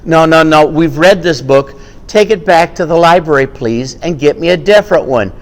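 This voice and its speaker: A man voicing a little farm girl in a family story, pleading quickly and insistently. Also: a little high, shouting, long reverb tail, background noise, close to an everyday voice.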